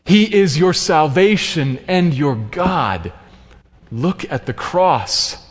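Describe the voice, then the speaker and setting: Pastor guy preaching, earnest and emphatic, leans hard on slow words, lots of hall echo. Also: a little high, expressive, slightly rough, faint music behind. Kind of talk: sermon. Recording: long hall reverb.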